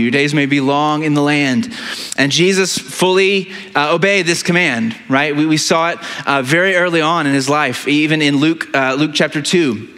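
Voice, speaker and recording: A male pastor preaching a sermon in a conversational way, often restarting his phrases and filling pauses, with frequent tag questions to the congregation. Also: on the high side, pushed and bright. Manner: halting delivery with many fillers and restarts.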